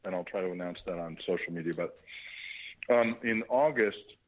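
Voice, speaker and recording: Low-voiced man rambling over a phone line. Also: normal speed. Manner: rambling, laughing, with many fillers. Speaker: actor guest. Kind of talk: casual phone interview.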